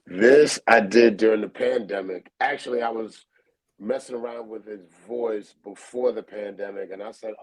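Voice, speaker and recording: A man talks in a low, easygoing voice. He tells his stories loosely, with plenty of fillers. The sound comes over a video call. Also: normal speed, rough recording. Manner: relaxed, storytelling, many fillers. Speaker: comedian guest. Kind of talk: casual interview talk.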